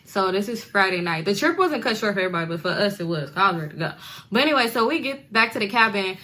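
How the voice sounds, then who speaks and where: A bright-voiced young woman rambles through a casual storytime. She talks in slang and drops into other people's voices as she quotes them. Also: mid-range voice, animated, fast talker. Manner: chatty, slangy, acts out voices of relatives. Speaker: storyteller in a reacted video.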